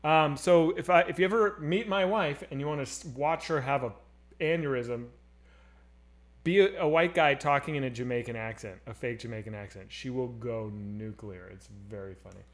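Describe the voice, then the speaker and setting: A man in his thirties hosting a casual live stream, joking and swearing as he reads chat, swinging between loud and quiet. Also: mid-range voice, moderate pace. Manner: animated, swearing, jokey, swings loud and soft. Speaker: streamer host.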